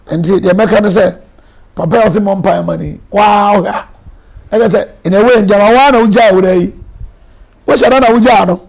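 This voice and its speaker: High gravelly Ghanaian bishop. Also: male voice. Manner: switches between Twi and English, earnest and emphatic. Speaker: bishop and marriage counselor. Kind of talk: live-streamed pastoral counsel.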